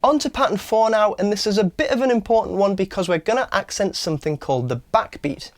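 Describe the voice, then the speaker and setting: Man, guitar teacher, slightly high voice, patient step-by-step explaining, counting beats aloud, faint guitar behind. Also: fast. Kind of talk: online guitar lesson. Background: acoustic guitar strumming.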